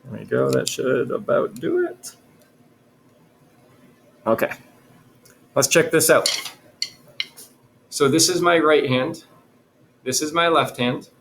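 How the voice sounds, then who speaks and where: A male music teacher giving a patient, clear drumming lesson in a classroom, chanting rhythms for his students. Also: mid-range voice, big pitch swings, slow pace, long pauses, a bit bright, roomy sound, a little hiss or hum, poor audio. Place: classroom with a chalkboard.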